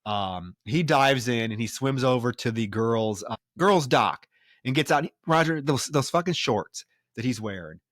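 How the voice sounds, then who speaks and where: A man co-hosts a film podcast in casual chat, retelling scenes with loose, animated energy. His pitch is in the everyday middle range and he swears freely. The sound is dry and close to the mic. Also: a little slow, no room sound. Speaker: podcast co-host.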